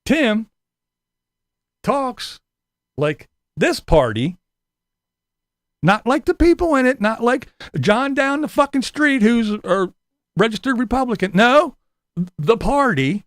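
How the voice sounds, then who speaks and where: Combative male vlogger, high lively voice, dry close sound, foul-mouthed. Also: takes it slowly, pauses often, no room sound. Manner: profane, sarcastic, combative. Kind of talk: ranting monologue to camera.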